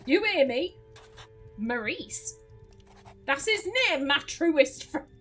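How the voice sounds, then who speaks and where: A woman voicing a gruff old male farmer who guards his pig, in a grumbling put-on accent, while playing a game. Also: high-pitched, animated, takes it slowly, fairly bright tone, soft background music, heavily acted. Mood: possessive. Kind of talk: game let's play, reading dialogue aloud.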